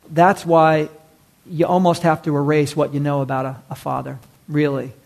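High-voiced male preacher, animated and dramatic. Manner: animated preaching with big pitch swings and hushed drops. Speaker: pastor. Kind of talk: sermon.

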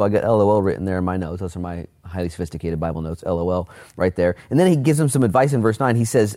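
A male pastor with a fairly low voice delivers a casual, animated sermon from a church. He reads scripture aloud, then drops into quick high-pitched character voices for the people in the story. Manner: animated, acts out Bible figures in a high put-on voice. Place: church, online service during lockdown.

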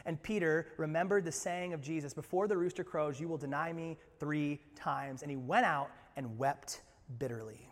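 A man with a fairly high voice preaching a sermon in a church, with long reverb trailing his words. He is animated, jumping between loud outbursts and hushed, low asides. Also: moderate pace. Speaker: pastor. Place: church sanctuary.

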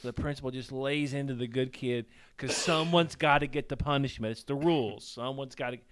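A man hosting a podcast, telling a story in casual chat with halting restarts. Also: mid-range voice, fairly bright tone. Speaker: podcast host.

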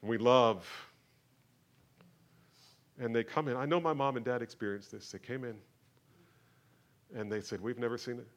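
Pastor preaching from the pulpit; a man of middle pitch, conversational that swells into emphatic preaching. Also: a little slow, pauses often. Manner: builds from quiet talk to loud emphatic preaching. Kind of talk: sermon. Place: church sanctuary.

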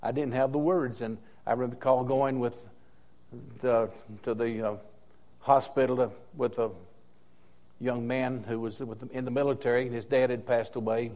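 A man's voice: medium pitch, steady tone, normal speed, darkish tone. An older man preaching a sermon as interim pastor, telling stories and repeating key phrases for emphasis.

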